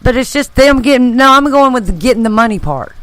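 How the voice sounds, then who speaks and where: A woman's voice: sits high, animated, quick pace, dry recording, rough recording. A woman chatting casually on a live show, telling stories in a loose and profane way. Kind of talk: casual chat.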